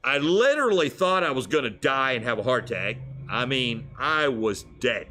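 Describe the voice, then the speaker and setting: A man co-hosting a casual fishing show, telling stories with lively put-on voices and frequent laughs. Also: medium pitch, moderate pace, a little hiss or hum. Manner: animated storyteller, laughs often.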